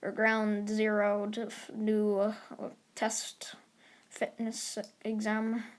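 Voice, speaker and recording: A woman voicing a stern, tired male hero teacher who talks in a flat, curt way. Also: medium pitch, slow, lightly acted.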